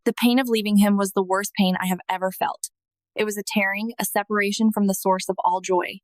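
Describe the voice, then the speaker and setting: Slowly and with emotion, a woman narrates a scripted first-person testimony in an earnest way. Her voice is medium-pitched with fairly even intonation, and there is no echo.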